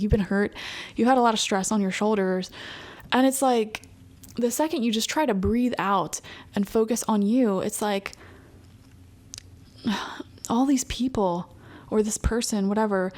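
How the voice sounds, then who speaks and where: A woman's voice: medium pitch, darkish tone. A young woman giving a pick-a-card tarot reading to viewers, chatty and emphatic, getting worked up as she talks. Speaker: tarot reader.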